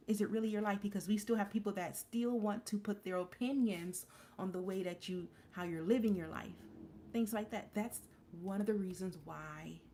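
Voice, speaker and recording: Candid woman in her forties, low-pitched. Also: mellow, slight background noise. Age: 40s. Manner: candid, rambling, many restarts and fillers. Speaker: livestream host. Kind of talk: casual live-stream chat.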